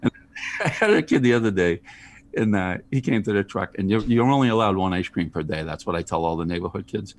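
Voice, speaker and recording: A man, a guest on a podcast, telling jokey, animated stories in casual chat. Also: fairly low pitch, fairly quick, a little hiss or hum. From Charlestown, Boston area. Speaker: guest, ice cream truck driver.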